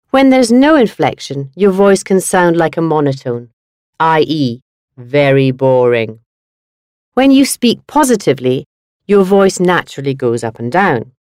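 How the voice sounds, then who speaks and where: A woman reading a scripted language lesson in a clear, deliberate way. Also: darkish tone, dry recording, studio quality. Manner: clear, deliberate teaching delivery with wide pitch swings. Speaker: language course narrator. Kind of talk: scripted educational narration.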